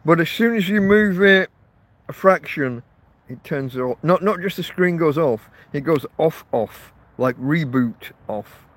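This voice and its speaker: Holding his phone upright in a windy field, this man chats to viewers from the field camp where he lives rough, wandering off topic and correcting himself as he goes. He sounds a little high and expressive, speaking a little slowly. Wind and faint outdoor sounds are audible on the phone recording.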